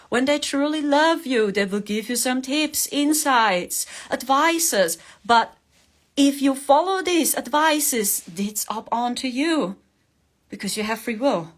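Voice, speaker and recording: Woman, fairly high voice, earnest coaxing spiritual talk, laughs often. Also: a bit bright. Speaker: spiritual livestream host.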